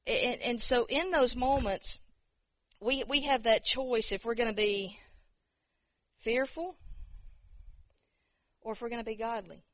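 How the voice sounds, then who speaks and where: Casting note: high-voiced woman, rambling testimony, dull dry recording. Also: a little slow, long pauses, a bit bright, no room sound. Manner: rambling, repeats words, acts out quoted voices. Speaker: speaker sharing a testimony. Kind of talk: informal testimony talk.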